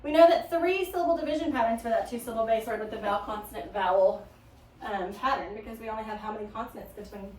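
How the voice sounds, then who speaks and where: A woman's voice: a little high, fast, darkish tone, slight background noise. Woman teacher, echoey classroom. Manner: patient, prompting, instructional. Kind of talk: classroom phonics lesson. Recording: echoey room, from a distance.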